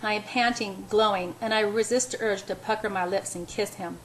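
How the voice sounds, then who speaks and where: Softly narrating woman. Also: mid-range voice, fairly even intonation, moderate pace, reverberant, a little hiss or hum, poor audio. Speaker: audiobook reader. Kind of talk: first-person romance narration.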